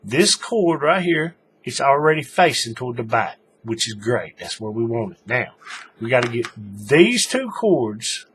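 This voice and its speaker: A man's voice: medium pitch, big pitch swings, measured pace, fairly bright tone, a little hiss or hum. A man giving a casual, folksy hands-on craft tutorial, talking while he works. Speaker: paracord tutorial maker.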